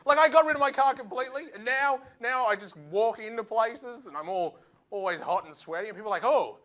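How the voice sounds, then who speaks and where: A man doing a stand-up routine, animated and acting out voices in quick asides. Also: extremely high pitch. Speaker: stand-up comedian.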